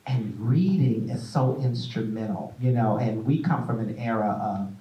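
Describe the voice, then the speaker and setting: A man hosting a stage interview, playful and animated as he tells stories. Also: mid-range voice, moderate pace, distant mic, dull audio. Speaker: host. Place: theater stage. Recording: echoey room, mic from afar.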